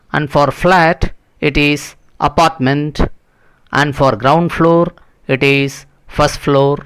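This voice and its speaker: A man's voice: on the high side, a bit bright, clear, resonant tone. A man teaching English, working through textbook exercises step by step and reading the sentences aloud. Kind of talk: textbook lesson walkthrough.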